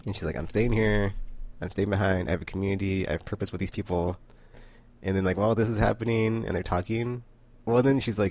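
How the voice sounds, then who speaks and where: A man's voice: sits low, steady tone, fast, a little mellow. A man casually recapping a comic book issue, rambling with many fillers and frequent laughter.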